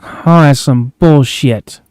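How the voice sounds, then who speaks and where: A man's voice: medium pitch, slow, a little mellow, no echo, low-quality recording. A man streaming a flight game, grumbling and cursing in frustration as he plays. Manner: frustrated, profane, grumbling to himself. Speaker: gaming streamer. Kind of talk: casual gameplay commentary.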